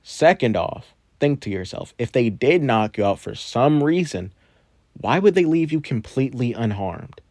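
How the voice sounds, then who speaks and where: A man voicing a calm adult paramedic who reasons patiently and firmly. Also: medium pitch, normal speed, no echo, studio quality, pitched above the performer's own voice, lightly acted.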